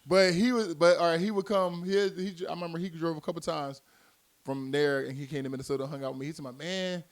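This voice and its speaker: A man's voice: a little high, steady tone, fast talker. A man, a former football player, telling long rambling stories in casual chat, laughing often between his points. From Miami, United States. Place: recording studio.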